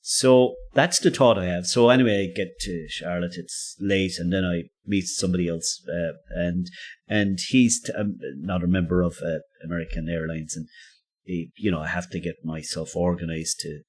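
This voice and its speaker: A man's voice: low voice, steady tone, moderate pace, slightly rough. A man and podcast co-host, telling a personal story casually, rambling and self-interrupting with frequent laughs.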